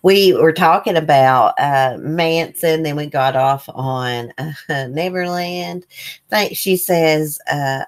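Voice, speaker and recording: Hosting a relaxed morning livestream, a woman reads viewer comments aloud and chats loosely, rambling with fillers. Her voice is low-pitched and her pace slow.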